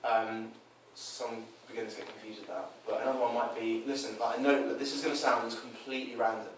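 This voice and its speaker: A man's voice: mid-range voice, a little fast. Man, casual coaching chat, acts out quoted lines, very echoey room, distant mic. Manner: animated, acts out quoted lines in changed voices. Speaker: dating coach. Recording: roomy echo, mic from a distance, faint noise.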